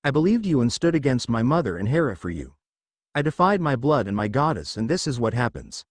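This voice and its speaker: A man's voice: mid-range voice, big pitch swings, fairly quick, no echo. A man voicing an enraged warrior princess wife, hurling accusations in a dry, close recording. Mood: furious.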